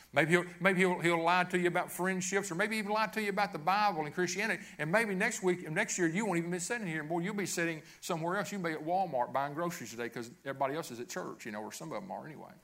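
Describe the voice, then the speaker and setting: Earnest pastor preaching a sermon. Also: male voice, on the high side, a bit bright. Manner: earnest, repetitive preaching with frequent restarts.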